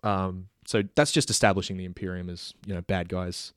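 A man in casual chat pitching a film idea, rambling with many fillers and restarts, now and then acting out characters' lines. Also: fairly even intonation, a little fast, fairly bright tone, clean tone, no room sound, clean studio sound.

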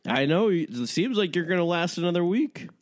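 Lebhafter Podcast-Moderator, der oft lacht. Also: male voice, high-pitched, lively intonation, normal speed. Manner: laughs often, plays along incredulously. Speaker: podcast host. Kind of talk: casual comedic chat.

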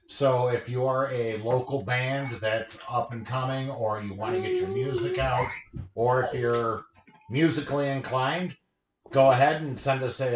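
A woman's voice: very deep voice, roomy sound, slight background noise. A woman co-hosting a casual true-crime podcast at home, teasing and joking with her co-host. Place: home living room, on a couch.

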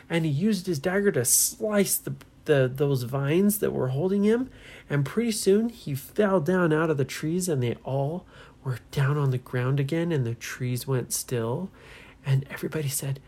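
A woman telling a children's adventure story in a gentle, drawn-out way, dropping to a whisper for tense moments. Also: low voice. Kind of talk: bedtime-style adventure storytelling.

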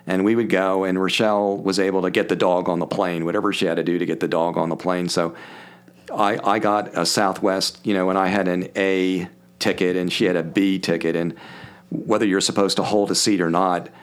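Animated older man telling stories. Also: low-pitched, fairly quick, clean tone. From Philadelphia. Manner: animated, acts out quoted voices. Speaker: podcast guest. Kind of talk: casual storytelling.

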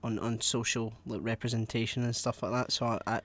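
A man's voice: medium pitch, little pitch movement, fairly quick, fairly bright tone. A man chatting casually, blunt and sweary, often trailing off into fillers. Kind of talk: casual chat.

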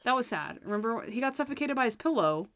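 A woman co-hosting a casual review chat, animated and acting out scenes in put-on voices. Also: on the high side, quick pace, no room sound, clean studio sound. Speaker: podcast co-host reviewing episodes.

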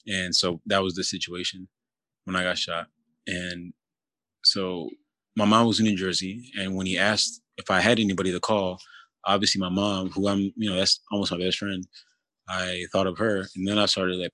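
A man's voice: deep voice, sharp tone, no room sound. A man in his twenties casually telling a personal story, with many fillers and asides. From Philadelphia area. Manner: casual, many fillers like "you know" and "kinda".

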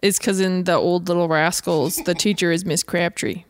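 A woman chatting casually and jokily on a podcast, laughing often and guessing quickly. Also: on the low side, steady tone. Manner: giggly, jokey, quick guesses. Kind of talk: casual chat.

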